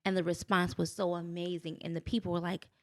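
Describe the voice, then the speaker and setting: Expressive middle-aged woman telling stories. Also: lowish voice, a little fast. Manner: expressive, acts out quotes, faith-filled. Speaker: guest, business owner. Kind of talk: animated personal storytelling.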